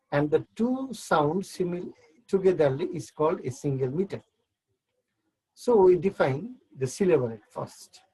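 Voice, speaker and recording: A man's voice: high voice, a little mellow, breathy edge, rough recording. A man teaching an online English literature class, explaining step by step and repeating words as he counts syllables.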